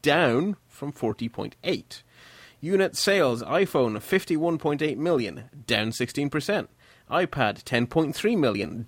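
An Irish man hosts a casual tech podcast, reading off figures in a steady, methodical run and keeping the discussion moving. His mid-range voice sounds dry and close to the mic.

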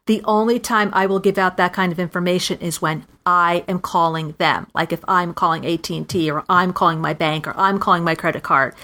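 A woman's voice: on the low side, brisk, hardly any pauses. A married woman in casual conversation, telling stories and acting out quoted voices. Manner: animated storyteller, acts out quoted voices. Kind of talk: casual chat.

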